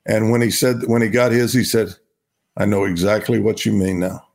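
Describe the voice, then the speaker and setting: Older male interview guest, gravelly, rambling storyteller, from Oklahoma. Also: on the low side, fairly even intonation, normal speed, darkish tone. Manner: rambling, repeats himself, laughs while talking. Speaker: guest, retired baseball star.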